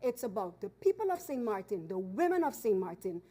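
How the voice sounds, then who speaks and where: A woman member of parliament, giving an earnest formal speech from a desk microphone in the chamber, slowing down and repeating phrases for emphasis. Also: mid-range voice, very animated, warm tone. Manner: earnest, emphatic, stresses key phrases slowly and repeats for force.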